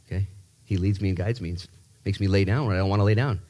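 A man preaching a sermon in a lively, joking way, repeating words and jumping up in pitch to stress a point. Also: a little fast. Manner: animated, jokey, repeats himself, voice jumps high for emphasis. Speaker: pastor.

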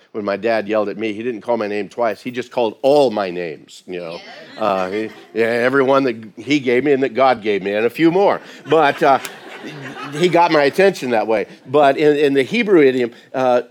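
A man's voice: mid-range voice, darkish tone. A man preaching a sermon as pastor, talking conversationally and acting out quoted voices.

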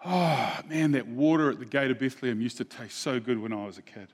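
A man's voice: mid-range voice, brisk, breathy edge, in a large hall, lightly acted. A man voicing a thirsty young warrior king who longs for the water of his hometown, in a casual, wistful way.

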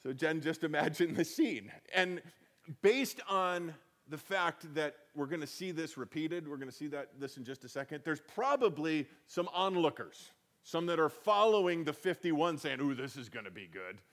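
A man's voice: on the high side, normal speed, a bit bright. A man giving a conversational Bible teaching, reading scripture aloud and then explaining it with chatty emphasis.

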